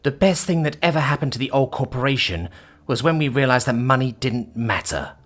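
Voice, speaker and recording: A man's voice: mid-range voice, expressive, fairly quick, fairly bright tone, soft background music, pitched above the performer's own voice. A man voicing a brash, sarcastic female former corporate chief who theatrically mocks her captors in an audiobook story. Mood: scornful. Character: brash witty female ex-CEO, mocking captors. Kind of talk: audiobook character voice.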